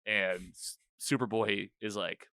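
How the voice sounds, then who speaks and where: Bright-voiced man recapping a show. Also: on the low side, steady tone, takes it slowly, smooth, dry recording, clean studio sound. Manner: loose and rambling, acts out quoted lines, lots of "like". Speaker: podcast host. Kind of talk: casual chat recapping an episode. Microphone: own podcast microphone.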